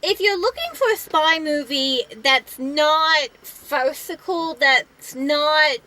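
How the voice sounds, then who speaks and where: A woman's voice: high voice, slow, sharp tone. A woman chatting casually about a movie in a car, adding facts and correcting her co-host. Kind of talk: casual movie review chat. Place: inside a car.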